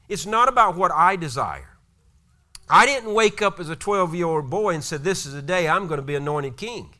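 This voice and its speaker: A preacher speaking as a humble young shepherd king, earnest and pleading. The voice sits high and sounds bright and forceful.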